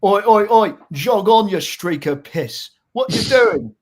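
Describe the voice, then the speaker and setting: A man's voice: expressive, slow, full character voice. A man putting on the voice of a taunting male London football hooligan with a Cockney accent. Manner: shouted taunts, much higher than his own voice.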